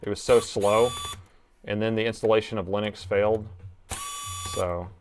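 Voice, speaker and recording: A man's voice: on the low side, fairly even intonation, moderate pace, slight background noise. A middle-aged man hosting a live repair stream, thinking aloud as he works and chatting to viewers in a casual way. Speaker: repair technician and stream host.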